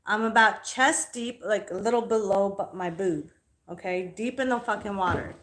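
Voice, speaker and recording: A young woman hosting a livestream, telling a story in a casual, animated, profane way. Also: mid-range voice, moderate pace, slight background noise. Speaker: livestream host.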